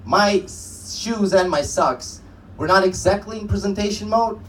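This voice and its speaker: A man's voice: high-pitched, a little slow, distant mic, crowd noise, poor audio. A young man doing a stand-up comedy set on a club stage, telling rambling stories with many restarts.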